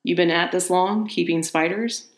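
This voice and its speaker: A woman's voice: lowish voice, fairly even intonation, normal speed, reverberant, lightly acted. A woman reading as a jittery young man in a trap. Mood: uneasy. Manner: uneasy, then frantic shouting. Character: nervous young man trapped in a barn.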